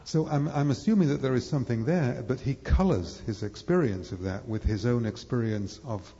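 A man's voice: mid-range voice, moderate pace, mellow. A man giving a live lecture to an audience, rambling and hesitant, with many fillers and restarts. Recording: echoey hall, dull lo-fi sound.

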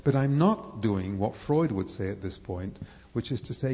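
A man's voice: medium pitch, very animated, normal speed, hardly any pauses, warm tone. A man giving a live lecture to an audience, rambling and hesitant, with many fillers and restarts. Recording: echoey hall, dull lo-fi sound.

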